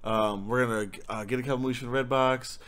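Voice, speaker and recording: A young man telling a rambling, profanity-filled story in a casual, animated way. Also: mid-range voice, quick pace, smooth. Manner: rambling, swears a lot, animated. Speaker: storyteller guest.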